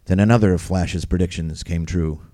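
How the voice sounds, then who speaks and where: Low-voiced man reading a wild memoir. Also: fairly even intonation, moderate pace, warm tone. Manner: vivid, wry, gritty storytelling. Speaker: storyteller. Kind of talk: first-person memoir reading.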